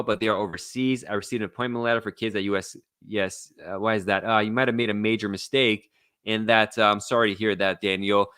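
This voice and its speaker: A man's voice: on the low side, pushed and bright, clear, resonant tone, dry recording, clean studio sound. A man answering viewer questions live as an immigration lawyer, reading them out and replying in a casual, blunt way. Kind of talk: live Q&A stream.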